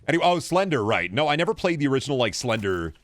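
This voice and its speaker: A young man streams a video game with no room sound, speaking in a mid-range voice that's very animated and rapid-fire. He rambles and swears casually while playing and chatting with viewers.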